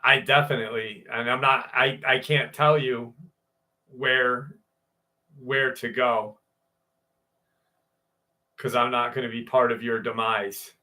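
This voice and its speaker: A man's voice: medium pitch, steady tone, takes it slowly, long pauses, sharp tone. A man hosting a live show, reading a viewer's story aloud and then chatting loosely with his live chat, joking and swearing freely. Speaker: show host.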